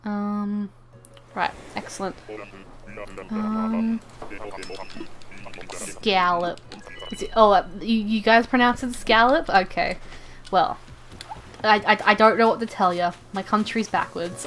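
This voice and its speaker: A woman's voice: medium pitch, fairly even intonation, measured pace, faint music behind. Chatty woman rambling on a live stream. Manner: chatty and rambling, stumbles and repeats words; playful, talks to viewers and game characters. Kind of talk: casual live-stream chat while gaming.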